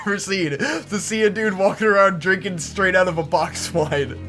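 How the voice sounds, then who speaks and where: A young man co-hosting a casual gaming chat, cutting in with quick sarcastic remarks and frequent laughter. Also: sits high, over music. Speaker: co-host. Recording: noisy background with clicks.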